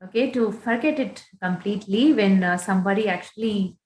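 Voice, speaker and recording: A woman answers a participant's question in a gentle, reassuring way. Her voice has a middle pitch and comes over a video call with a roomy, echoing sound. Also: a little fast, slight background noise. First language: Tamil. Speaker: meditation class guide.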